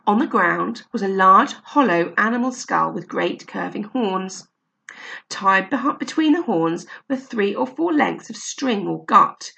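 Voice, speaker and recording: A woman reading a children's story aloud in a steady, expressive way. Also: mid-range voice, vocal fry. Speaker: narrator.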